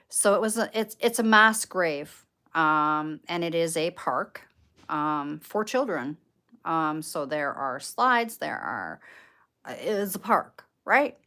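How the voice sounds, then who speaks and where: A woman from Canada talks loosely to her livestream audience in a slightly low voice. She rambles, swears freely and fills gaps with "um" and restarts as she speaks from a candlelit room at home. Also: sharp tone. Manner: rambling and profane, with many fillers. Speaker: paranormal livestreamer. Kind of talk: casual livestream chat.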